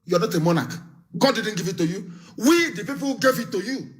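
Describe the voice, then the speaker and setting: A man's voice: sits high, animated, a little fast. A man giving a live political broadcast speech as an activist leader, fiery, scornful and emphatic, repeating his warnings. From Nigeria.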